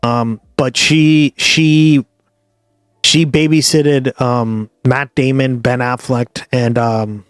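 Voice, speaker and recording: Talking to his stream viewers directly, a Boston-accented man from the Boston area rambles casually and swears freely. His medium-pitched voice is smooth and fairly even in intonation, at a slow pace. The dry recording has faint music behind it.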